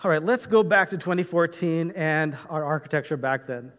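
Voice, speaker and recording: A man with a slightly raised voice gives a technical presentation in a large hall, and his words carry a long reverb tail. He explains step by step, often pausing on "uh" and checking in with "right?". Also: on the high side, a bit bright. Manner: explanatory, frequent "right?" and "uh" fillers. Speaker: conference presenter. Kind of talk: technical conference talk.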